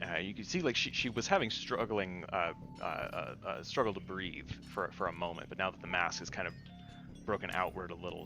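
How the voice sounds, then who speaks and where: A man's voice: low voice, vocal fry. A man narrating as game master in a tabletop game, describing scenes unhurriedly with frequent fillers.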